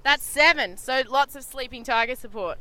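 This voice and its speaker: A young Australian woman gives chatty live sailing-race commentary from a boat at sea, bubbly and laughing often. Her voice is high with a sharp tone and a moderate pace.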